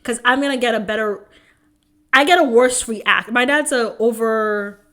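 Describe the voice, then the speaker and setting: A woman in her twenties co-hosting a casual podcast chat, telling stories with lively acted-out quotes and frequent laughter. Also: fairly high pitch, moderate pace. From family from Haiti. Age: 20s. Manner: animated storytelling, acts out her mom's lines, laughs often. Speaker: podcast co-host.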